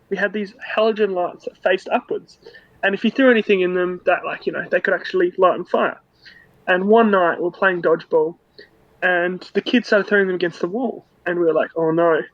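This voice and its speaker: A man's voice: high-pitched, no echo. A man from Australia with an Australian accent, telling a cheeky, laid-back story in a casual voice note, recorded dull and lo-fi. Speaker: listener sending a voice note.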